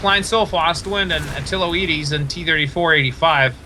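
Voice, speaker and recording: A man casting a live tank match, excitable, laughing often and stumbling over player names. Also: fairly high pitch, a little fast, hardly any pauses, background noise. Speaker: esports caster.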